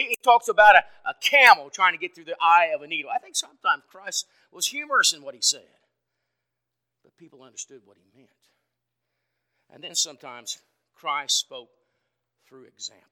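A man preaching an evening sermon in a folksy, conversational way, asking the congregation questions and swinging from loud to soft. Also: fairly high pitch. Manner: dynamic, swings from loud to quiet.

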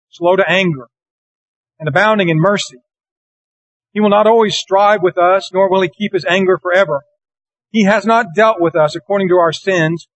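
A man preaching a morning lesson, reading scripture verses slowly and earnestly. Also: high-pitched, no echo, poor audio. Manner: earnest, deliberate, slows for scripture.

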